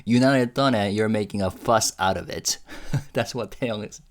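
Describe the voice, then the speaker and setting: Man, low voice, casual reaction host, live translating, chuckling, lots of fillers. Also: moderate pace. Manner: relaxed, chuckling, hesitant with many fillers. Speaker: YouTube host translating a livestream.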